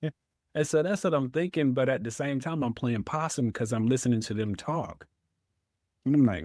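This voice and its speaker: A man's voice: mid-range voice, brisk, a little mellow, dry recording, clean studio sound. A man, a veteran guest telling his story in an interview, acting out his own past words.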